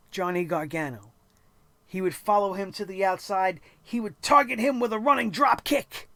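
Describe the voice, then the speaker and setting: Wrestling review host, dramatic recap, emphatic pauses, profane, excitable, mid-pitched voice, dry sound. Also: no echo. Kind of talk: casual wrestling show recap and opinion.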